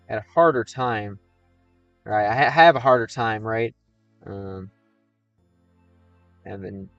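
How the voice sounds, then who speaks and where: A man's voice: on the low side, dry recording. An American man livestreaming and chatting casually with viewers, reading their questions aloud. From United States.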